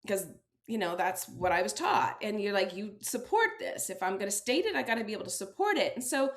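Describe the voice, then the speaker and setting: A woman's voice: medium pitch, expressive, a little fast. A woman, an acting teacher and author, telling her story as an interview guest and acting out quoted exchanges with a laugh.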